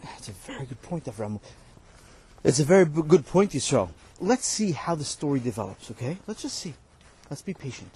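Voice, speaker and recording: Husky, patient male rabbi storyteller. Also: a little high, sing-song, fairly quick. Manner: gentle, patient, encouraging. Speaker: rabbi teacher. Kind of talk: storytelling lesson.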